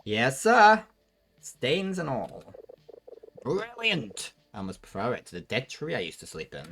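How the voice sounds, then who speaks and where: A man's voice: fairly low pitch, sing-song, brisk, vocal fry, fairly bright tone, slight background noise, exaggerated voice. A man doing a flustered young bear. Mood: eager.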